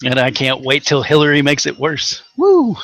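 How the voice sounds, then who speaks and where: Man, southern tennessee accent, angry rant, sarcastic, constant swearing, bright forceful voice, dry close sound. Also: mid-range voice, little pitch movement, moderate pace, no echo. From Tennessee, USA. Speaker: co-host of a rant show. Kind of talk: profane ranting commentary.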